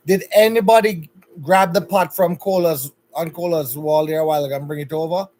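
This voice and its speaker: A man's voice: on the high side, darkish tone, low-quality recording. A man with a Jamaican accent hosting a casual livestream, chatty and upbeat, greeting viewers one by one by name. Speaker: livestream host.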